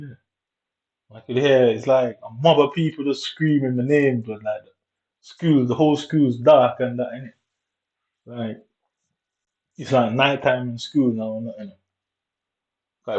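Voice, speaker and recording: A man's voice: mid-range voice, a little mellow, muffled recording. A young man telling a rambling story in casual vlog style, full of tag questions and fillers, while walking around his old school. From Jamaica.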